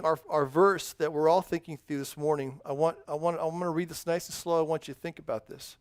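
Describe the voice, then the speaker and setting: A man's voice: a little high, no echo, clean studio sound. Upbeat man teaching a children's sermon. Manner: upbeat, encouraging, quizzes kids and praises answers. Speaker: children's pastor. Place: church sanctuary.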